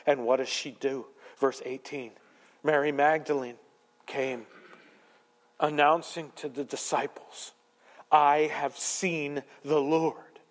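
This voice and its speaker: Man preaching in a long-reverb hall. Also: a little high. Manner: swings from loud proclaiming to hushed intensity. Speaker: pastor. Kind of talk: sermon.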